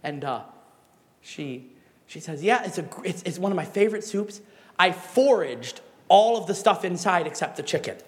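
High-voiced Midwestern pastor preaching. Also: male voice, moderate pace, long reverb tail. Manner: animated storytelling with emphatic exhortations. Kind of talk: sermon.

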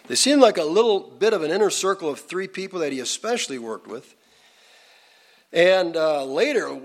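A man giving an informal Bible teaching in a folksy, conversational way. He uses many asides and "uh" fillers, and his pitch jumps up to stress key words.

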